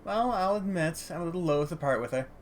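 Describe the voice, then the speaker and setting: A man voicing a gruff, well-meaning old male junk scavenger with a put-on German accent. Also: on the high side, lively intonation, brisk, a little hiss or hum, voice pushed up, lightly acted.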